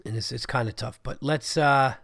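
Gravelly and a bit bright, this medium-pitched man speaks at a normal speed as he hosts a podcast monologue. He's in his thirties, has a cold, and rambles casually with plenty of profanity and enthusiasm, in a dry, clean studio recording.

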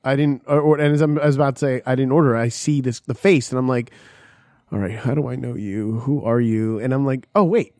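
A man's voice: mid-range voice, a little fast, darkish tone, no echo, studio quality. A man casually telling a long, profane story on a podcast, acting out the lines of the people in it. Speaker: podcast co-host.

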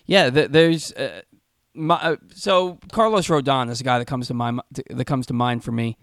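A man's voice: mid-range voice, normal speed, fairly bright tone, no echo, clean studio sound. A man hosting a sports radio show, chatting casually with a guest and reading show promos.

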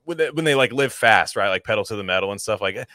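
A man chatting on a podcast in a rambling, animated way, full of likes and restarts. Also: on the low side, quick pace, no echo. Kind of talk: casual podcast chat.

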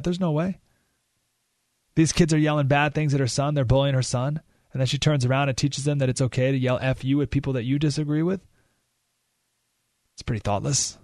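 A man hosting a talk radio show, telling a story in an animated way and jumping his voice up when he acts out what people said. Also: mid-range voice, dry recording, clean studio sound.

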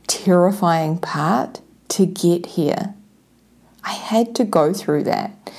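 A young adult woman casually telling a self-mocking personal story to her viewers, animated and laughing often. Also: lowish voice.

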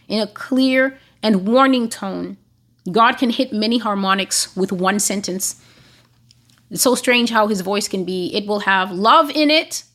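A woman's voice: mid-range voice, a bit bright. A woman giving a prophetic teaching monologue, emphatic and repeating phrases for stress.

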